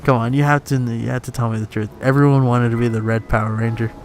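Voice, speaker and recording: A man's voice: mid-range voice, steady tone, fast talker, noisy background. A young man casually commenting on a video game, jokey and rambling with frequent laughs. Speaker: let's play host. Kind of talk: casual gameplay commentary with comic voice-overs.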